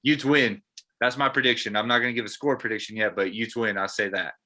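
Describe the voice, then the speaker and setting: Former player guy rambling earnestly on a postgame show, bright tense tone, fillers everywhere. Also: fairly low pitch, fast. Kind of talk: casual postgame chat.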